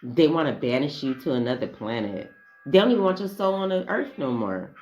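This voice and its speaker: Woman, low voice, blunt, profane, casual vlog monologue, rambling. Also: sing-song, a little fast, darkish tone, highs cut off. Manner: blunt, profane, goes off on tangents. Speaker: vlogger.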